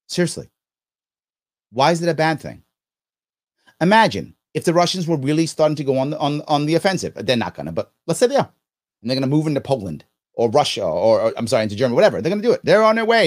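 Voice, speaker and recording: A man in his fifties reacting to viewer comments, indignant and emphatic, repeating lines for effect. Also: fairly high pitch. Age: 50s. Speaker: podcast host reacting to comments.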